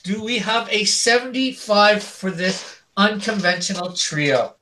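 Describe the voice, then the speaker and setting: A man's voice: high-pitched, unhurried, sharp tone, slight background noise. A man hosting a live-streamed art auction, calling out bids over and over and chuckling between calls. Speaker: auction host.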